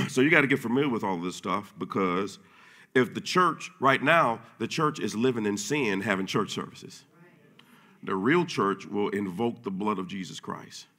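A man preaching a sermon in church, casual and full of slang, swinging from low murmurs to loud shouting. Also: expressive, moderate pace. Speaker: pastor.

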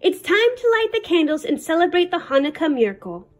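A woman reading the part of a hearty bearded village father in a storybook, declaiming warmly. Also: extremely high pitch, big pitch swings, brisk.

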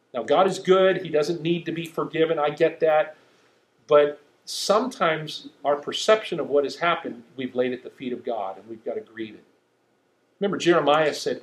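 A man preaching a sermon in a conversational way, often checking in with "okay?". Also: a little high. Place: church sanctuary. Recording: echoey room.

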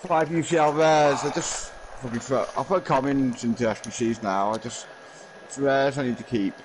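A man's voice: medium pitch, normal speed, background noise. A man with a Liverpool accent chatting casually over a game, asking dry, teasing questions. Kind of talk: casual gaming chat.

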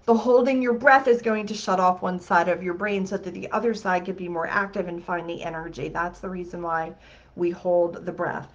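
A woman's voice: lowish voice, steady tone, normal speed, highs cut off. A woman hosting a healing masterclass. She talks the group through an exercise in an upbeat, chatty way and often checks in with "okay?".

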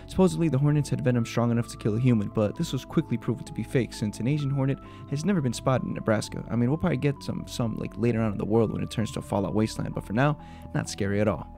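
In a medium-pitched voice with vocal fry, a man hosts a video about urban legends, quickly switching from creepy narration to playful reactions. Soft music plays underneath.

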